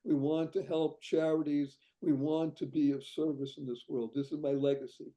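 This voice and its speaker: A man's voice: on the high side, fairly even intonation, normal speed, warm tone, dull audio. A man from Boston, a guest on an interview show, talking up his fundraising idea with exuberant, salesy enthusiasm and frequent laughs. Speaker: guest, founder of a charity fundraising site.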